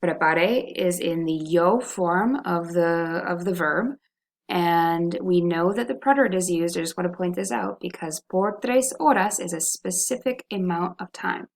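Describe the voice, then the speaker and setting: A woman teaches a Spanish lesson, carefully sounding out each verb form for students to repeat. Her voice sits a little low and has a gravelly fry to it, and it rings in an echoey room. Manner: clear, slow modeling of Spanish forms for repetition. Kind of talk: video language lesson.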